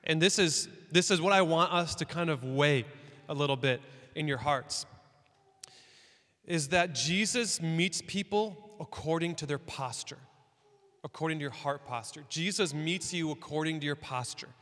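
Guy preaching a sermon in church, casual and animated, kinda high voice, long echo. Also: normal speed. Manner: conversational, animated preaching with acted quotes. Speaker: pastor.

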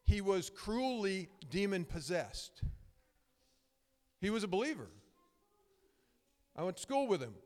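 A man's voice: sits high, sing-song, a little slow, long pauses, darkish tone. A middle-aged man preaching a sermon, conversational and emphatic, telling stories with frequent restarts. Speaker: pastor. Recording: long hall reverb.

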